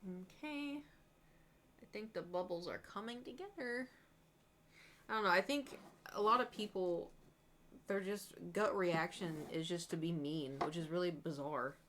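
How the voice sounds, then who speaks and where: A woman's voice: lowish voice, a little slow. A young woman streamer chatting casually while she paints, telling rambling stories and acting out her own past reactions. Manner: rambling, animated storytelling, quotes herself with exclamations.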